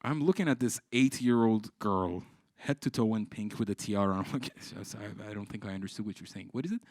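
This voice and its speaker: A man from Iran doing live stand-up, telling stories with swearing and shouted punchlines. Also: lowish voice, brisk, no room sound. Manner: animated, swearing, exclaiming punchlines. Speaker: stand-up comedian. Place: live comedy stage.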